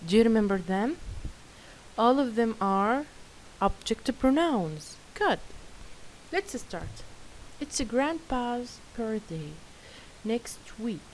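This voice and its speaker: Female teacher, unhurried, encouraging, light hiss on the track. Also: a little high, animated, low-quality recording. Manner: patient, praising, careful and slow. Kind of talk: classroom lesson, reading workbook answers. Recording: faint hiss.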